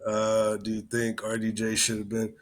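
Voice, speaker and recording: A man's voice: on the low side, completely flat delivery, normal speed. A man hosting a podcast in casual chat, rambling and swearing constantly as he tells stories. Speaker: podcast host, army veteran.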